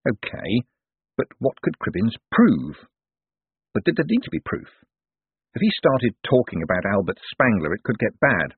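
A man narrating a novel in a measured, dry way. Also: lowish voice, big pitch swings, slightly rough, no room sound. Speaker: audiobook narrator. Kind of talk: scripted narration. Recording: tinny lo-fi audiobook recording.

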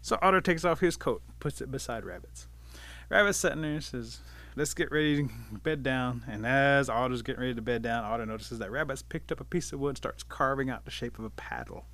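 Male folk-tale teller, relaxed, bright tone. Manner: relaxed, unhurried telling with lively pitch. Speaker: storyteller. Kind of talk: oral folk-tale narration.

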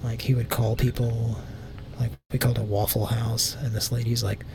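A man's voice: flat delivery, moderate pace, vocal fry, a little mellow. A man with a Southern US accent hosting a live prank call show, rambling casually and swearing freely. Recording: noisy background rumble.

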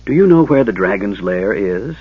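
A man voicing a young male mage who speaks softly and coaxingly. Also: fairly low pitch, expressive, husky, no room sound. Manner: soft, coaxing, measured. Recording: dull lo-fi tape, dry.

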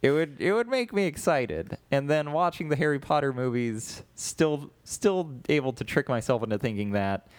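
A man trades jokes with his co-host in a relaxed comedy podcast. His voice moves lively up and down, and he keeps the tone playful and riffing. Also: medium pitch, normal speed, few pauses, no echo. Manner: playful, animated, riffs with jokes. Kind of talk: casual comedic chat.

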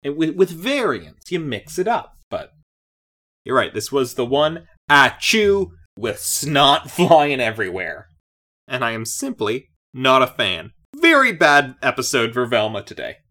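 A woman co-hosting a casual podcast chat about a cartoon episode, playful and quick to laugh. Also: rumbling low, sing-song, fairly bright tone. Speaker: podcast co-host.

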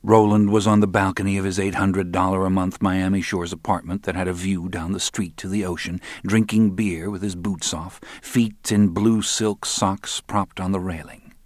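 Male audiobook narrator, very deep voice, dry close sound, understated. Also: steady tone, moderate pace, hardly any pauses, dry recording. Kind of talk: scripted narration.

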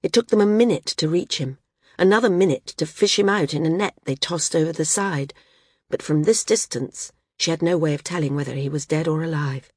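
Husky woman reading a novel aloud. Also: no room sound, studio quality. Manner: measured reading, lifts pitch for shouted dialogue. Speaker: audiobook narrator. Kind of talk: scripted narration.

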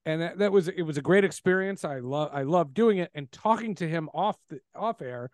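Higher-voiced man hosting, dry close sound. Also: a little mellow, dry recording. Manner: chatty, quick to laugh and chime in. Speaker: podcast host. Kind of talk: casual interview chat.

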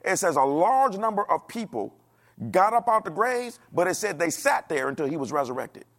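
Gravelly-voiced preacher with a dialect. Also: male voice, high voice, normal speed. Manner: animated preaching, asks the congregation questions, acts out quoted voices. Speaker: pastor. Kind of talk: sermon.

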